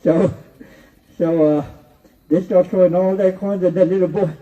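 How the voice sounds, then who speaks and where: At a moderate pace, a high-pitched man with fairly even intonation tells a story aloud, rambling and repeating as he chuckles along. The oral storytelling comes through a dull, distant lo-fi recording.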